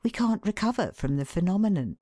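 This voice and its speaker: A woman giving an expressive, measured scripted narration of a book excerpt. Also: medium pitch, no room sound, studio quality.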